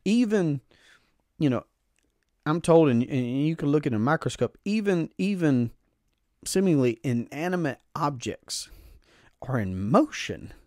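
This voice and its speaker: A man's voice: fairly high pitch, very animated, a little slow, long pauses, a little mellow, no echo, studio quality. Emphatic man explaining finance. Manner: earnest, emphatic, often repeats phrases. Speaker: podcast host.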